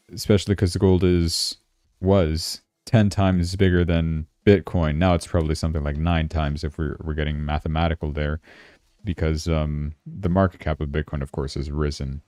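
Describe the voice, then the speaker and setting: Low mellow guy on a crypto stream, kinda tired, dry close sound. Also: dry recording. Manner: thinks aloud while checking charts, chatty. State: yawning, tired. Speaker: crypto livestream host. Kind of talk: casual livestream commentary.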